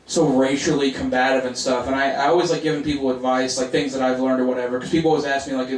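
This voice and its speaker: A man's voice: mid-range voice, little pitch movement, fast, few pauses. Man from Oklahoma doing stand-up in an echoey club. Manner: casual, lots of "like", rhetorical asides. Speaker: stand-up comedian. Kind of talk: stand-up comedy set. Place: comedy club. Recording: echoey club, distant mic, crowd laughter. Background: audience laughter.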